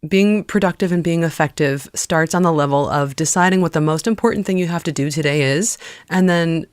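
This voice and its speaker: A woman's voice: low-pitched, fairly quick, clean tone, no echo. Upbeat woman podcast host, dry studio sound. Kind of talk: casual podcast chat. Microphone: studio mic.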